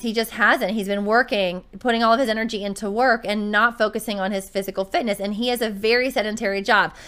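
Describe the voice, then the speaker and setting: Smooth-voiced chatty woman host. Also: a little high, fairly bright tone. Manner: chatty, storytelling, upbeat. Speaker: podcast host and running coach. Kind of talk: casual podcast chat.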